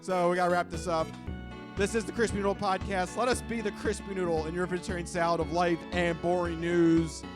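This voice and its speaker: Male podcast co-host, high voice, jokey and laughing, loose casual patter, music under him. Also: little pitch movement, brisk. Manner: jokey, laughs often, rambling restarts. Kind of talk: casual chat.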